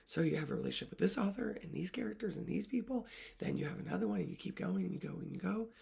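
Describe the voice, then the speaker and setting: Gravelly, soft-spoken woman coach. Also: medium pitch, huge pitch swings, rapid-fire. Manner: soft-spoken, often dropping to a whisper; earnest and emotional. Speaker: literacy coach. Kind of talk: reflective talk to camera.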